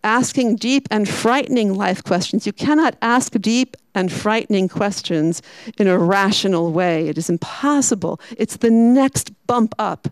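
A woman who is a Franciscan sister, giving a reflective spiritual talk. She is emphatic, slowing down and repeating key words. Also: medium pitch, dry recording, poor audio.

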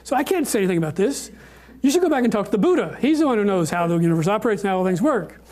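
A man voicing a male creator god who quietly admits he does not know the answers. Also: high voice, lively intonation, rapid-fire. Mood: sheepish. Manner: hushed, confiding aside. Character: befuddled male creator god, sheepish and confiding.

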